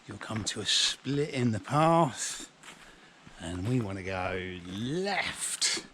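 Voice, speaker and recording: A man's voice: fairly low pitch, noisy background. A middle-aged man guiding a walk outdoors on woodland lanes, talking while hiking and giving directions with dry jokes. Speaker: walking guide. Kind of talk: casual walking vlog narration.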